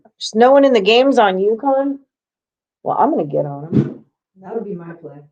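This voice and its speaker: A woman's voice: medium pitch, very animated, normal speed, a little mellow, muffled recording. A woman hosting a live sports-betting stream, chatting loosely with viewers and co-hosts. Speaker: sports betting show host. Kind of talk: casual live-stream chat.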